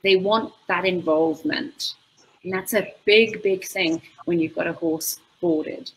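A woman's voice: on the low side, a little slow, breathy edge, poor audio. A woman, an animal communicator telling stories in conversation and acting out what clients say. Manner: expressive, acts out quoted clients. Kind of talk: conversational storytelling.

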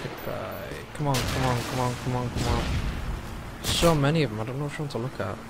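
A young man casually commentating his own gameplay, excitable and sweary, gasping and shouting at what happens on screen. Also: mid-range voice, a little fast, vocal fry, heavy background noise. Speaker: gaming commentator. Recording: loud gunfire behind the voice.

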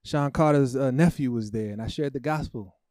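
A man preaching a sermon as pastor, emotional and emphatic, with dramatic pauses. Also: mid-range voice, darkish tone, no room sound, studio quality.

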